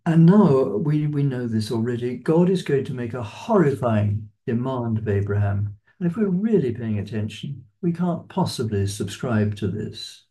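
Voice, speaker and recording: A man giving an unscripted lecture on a Bible passage, in a measured, explanatory way that stresses key words. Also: medium pitch, animated, dark tone. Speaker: lecturer on scripture.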